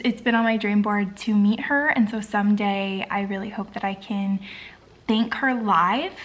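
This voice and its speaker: At home at bedtime, a woman vlogs casually about her life, gushing with excitement and gratitude. Her voice is medium-pitched, and sometimes she drops into soft near-whispers.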